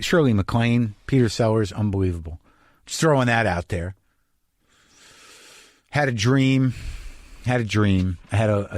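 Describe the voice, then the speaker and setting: This podcast host has a lowish voice and keeps things casual, mixing monologue and interview with candid reflection and frequent restarted sentences. The recording is dry and studio-clean.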